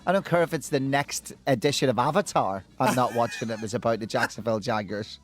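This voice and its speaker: A man hosting a sports panel show, teasing his guests with quick jokes. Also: medium pitch, soft background music. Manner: jokey and teasing, quick asides. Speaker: host. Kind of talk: lively sports panel chat.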